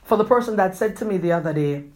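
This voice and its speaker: A woman hosting a podcast, giving an earnest, rambling motivational talk, repeating herself often and talking quickly. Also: medium pitch, animated, a little mellow. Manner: quick talker who gestures a lot. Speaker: podcast host.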